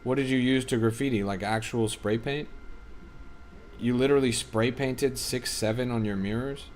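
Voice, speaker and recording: A man's voice: mid-range voice, fairly even intonation, normal speed, a little mellow, a little hiss or hum. A man streaming as a crypto trader, giving casual, offhand livestream commentary that is often profane as he reads and answers his chat.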